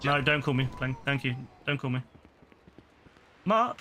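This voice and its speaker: Brisk and mid-range, with little movement in pitch, a worn-out streamer comments live on his gameplay. He exclaims at the game and mutters to himself in frustration as his voice begins to break. Clear game audio sits behind him.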